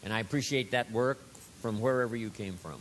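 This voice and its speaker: Earnest man speaking in an echoing hall. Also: mid-range voice. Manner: earnest, deliberate phrasing in short pieces. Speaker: company leader addressing distributors. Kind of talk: speech to distributors.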